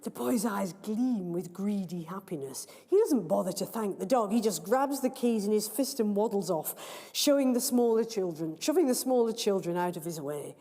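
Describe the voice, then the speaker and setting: Woman reading a story in a reverberant hall. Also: mid-range voice. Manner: expressive, measured storytelling. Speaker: author reading her story. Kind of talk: story read aloud at a live event. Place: large library hall. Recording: long reverb of a large hall.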